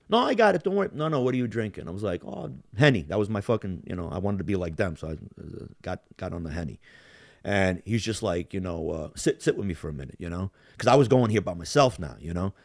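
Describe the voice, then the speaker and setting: A man's voice: fairly low pitch, darkish tone. A man hosting a podcast, telling a casual, profane story and acting out the bar scenes as he goes. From Yugoslav family roots. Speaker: podcast host.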